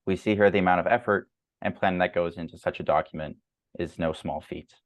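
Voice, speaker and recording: A man leads an academic journal club over a video call, working through slides in a measured manner full of fillers and repeated words. His voice is very low with fairly even intonation, and the recording is dry and close.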